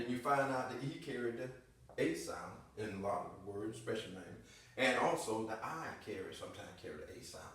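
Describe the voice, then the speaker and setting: An American man teaching in an impassioned sermon style, emphatic and repetitive, swinging from quiet passages to booming declarations. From United States. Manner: emphatic, repeats key phrases, swings between quiet and booming. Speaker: religious teacher. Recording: echoey room, voice far from the mic.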